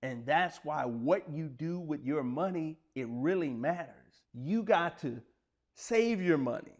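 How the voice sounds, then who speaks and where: Man in his forties, slightly high voice, earnest motivational storyteller, plain-spoken. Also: lively intonation, unhurried. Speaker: speaker sharing personal stories.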